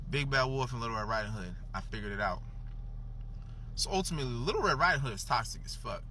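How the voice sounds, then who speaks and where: A man casually telling a comedic story at home, profane and slangy, acting out the characters' lines with big jumps in pitch. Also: pushed and bright, a little hiss or hum. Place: home with a dog in the back.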